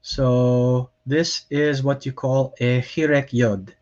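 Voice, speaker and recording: A man gives a recorded language lesson at an unhurried pace, with frequent ums and pauses as he explains each point. His voice sits in a middle range. The recording sounds somewhat muffled and lo-fi. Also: mid-range voice, flat delivery, a little mellow. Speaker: Hebrew lecturer. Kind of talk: recorded lecture.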